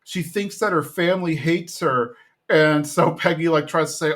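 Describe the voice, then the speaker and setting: A man's voice: fairly high pitch, lively intonation, moderate pace, a bit bright. A man co-hosting a podcast, casually retelling a cartoon episode and acting out quotes in a raised voice. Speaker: podcast co-host recapping episodes. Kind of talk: casual recap chat.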